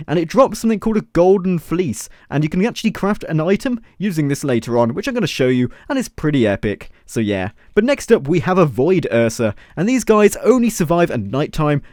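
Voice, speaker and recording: A man's voice: on the high side, darkish tone, no room sound, clean studio sound. A man hosting a game mod showcase, commenting playfully with self-mocking jokes and asides. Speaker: gaming video host.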